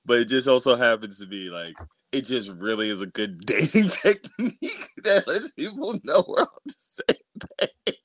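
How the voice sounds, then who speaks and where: A man co-hosting a casual podcast, reacting to his co-host in an animated, chatty way. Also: mid-range voice, moderate pace, no room sound. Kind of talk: casual chat.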